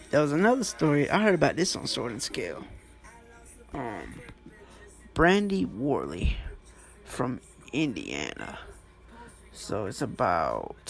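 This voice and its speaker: Man, casual storytelling, blunt, swears a lot, lively up-and-down delivery, faint music behind. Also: creaky. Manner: blunt, swears freely, wide swings in pitch. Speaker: storytelling vlogger.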